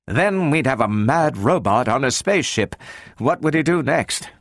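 A man reading a sharp, cold woman scientist in an audiobook, speaking in a cutting, precise and insistent way. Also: mid-range voice, animated, normal speed, no echo, studio quality, pitched above the performer's own voice, lightly acted.

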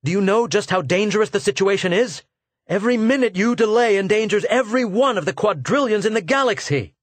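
A man voicing an indignant male doctor in an audiobook, speaking forcefully and urgently. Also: high-pitched, lively intonation, measured pace, no room sound, voice pushed up. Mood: furious. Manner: outraged, forceful.

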